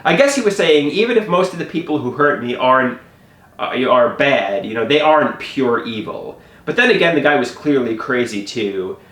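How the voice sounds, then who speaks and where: A man telling a personal story to the camera in an animated way, often stammering and restarting his sentences. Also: medium pitch, normal speed, roomy sound.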